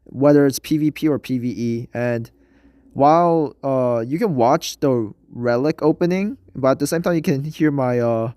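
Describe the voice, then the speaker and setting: A man's voice: mid-range voice, normal speed, mellow, clean tone, dry recording. Nasal young man rambling about games. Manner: rambling, hesitant, many fillers and restarts. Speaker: gaming video creator. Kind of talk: casual gameplay commentary.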